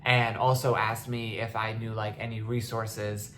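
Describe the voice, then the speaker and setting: A woman's voice: very deep voice, level tone, unhurried, slight background noise. A young woman hosting a podcast, talking in a casual, impassioned way with many restarts, at times close to tears. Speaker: podcast host. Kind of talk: casual monologue.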